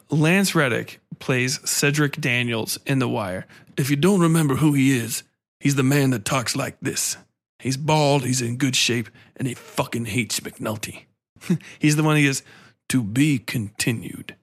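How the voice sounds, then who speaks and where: A man hosting a podcast alone, ranting casually and animatedly, swearing often and restarting his sentences. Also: mid-range voice. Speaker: podcast host. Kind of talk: casual solo podcast rant.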